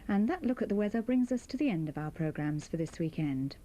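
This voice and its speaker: A woman as television continuity announcer, calmly and kindly signing off for the night with a gentle joke. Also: lowish voice, brisk. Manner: calm, friendly, gently joking. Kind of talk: late-night station closedown announcement.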